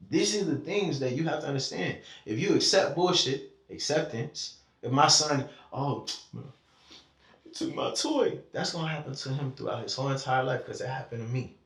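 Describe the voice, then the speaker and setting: An emotional, animated man talks openly in a casual conversation, swearing freely and speaking in bursts. His mid-range voice sits some distance from the mic. It carries a roomy echo. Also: mid-range voice. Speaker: podcast conversation participant. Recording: echoey room, mic at a distance.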